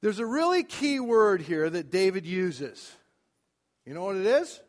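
A middle-aged man preaching a sermon in a church, swinging from loud emphatic declarations to quiet asides. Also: on the high side. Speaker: pastor. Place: church sanctuary. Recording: long hall reverb.

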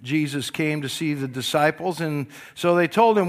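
Middle-aged guy preaching, storyteller vibe, goes loud then real quiet, voice sits a bit high. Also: normal speed, few pauses. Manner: animated storytelling, acts out voices, swings from loud to hushed. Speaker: pastor. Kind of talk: sermon.

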